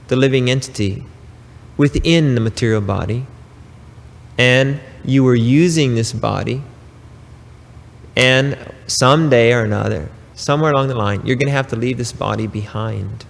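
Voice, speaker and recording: A man giving a spiritual talk, preaching slowly and emphatically with pauses and casual asides. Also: mid-range voice, gravelly, in a large hall. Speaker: spiritual teacher.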